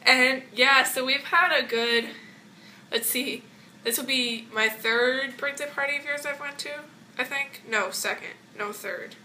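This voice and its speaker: Gushing teen girl with a bright voice. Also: sits high, unhurried, a little hiss or hum. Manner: gushing, rambling, lots of fillers. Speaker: vlogger. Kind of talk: casual birthday message vlog. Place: home bathroom, indoors.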